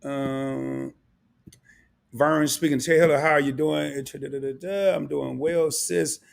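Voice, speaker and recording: A middle-aged man hosting a casual live stream, talking to his chat in an animated way, laughing a lot and repeating words. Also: a little high, unhurried, creaky.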